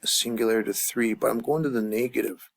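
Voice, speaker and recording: A man's voice: medium pitch, steady tone, brisk. A man teaching a grammar lesson at a chart, thinking aloud with many fillers and restarts. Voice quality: gravelly. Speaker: language teacher.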